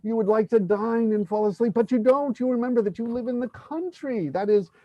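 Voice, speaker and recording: A man's voice: extremely high pitch, brisk, no room sound, muffled recording. A man voicing a desperate, overworked male clerk in a play reading, ranting breathlessly about his burdens. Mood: complaining. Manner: exasperated ranting, breathless complaints.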